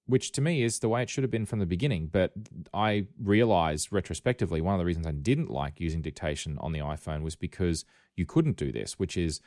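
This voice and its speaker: A man with an Australian accent hosts a casual tech podcast in a deep, darkish voice, talking briskly with hardly any pauses. He rambles wryly and often corrects himself mid-sentence, and the studio-quality recording has no room sound.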